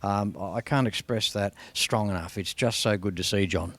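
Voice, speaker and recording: A man's voice: lowish voice, moderate pace, a bit bright, no room sound. An Australian man hosting a car show, chatting casually and enthusiastically as he tours a collection. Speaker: host.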